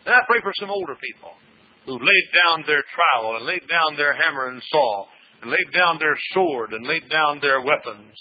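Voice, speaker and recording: A man preaching a sermon with drawn-out pauses and sudden rises in force. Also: mid-range voice, husky, phone-quality sound.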